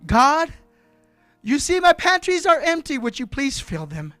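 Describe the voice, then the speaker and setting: A male preacher acting out a poor widow praying quietly and fervently in a sermon story. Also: very high-pitched, big pitch swings, slow pace, vocal fry, faint music behind, pitched above the performer's own voice, exaggerated voice. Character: poor widowed woman, prayerful and steadfast.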